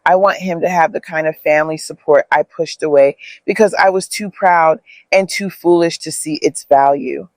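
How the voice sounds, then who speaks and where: A man's voice: fairly high pitch, moderate pace, no echo, natural voice. A man voicing a grown son who speaks earnestly and from the heart.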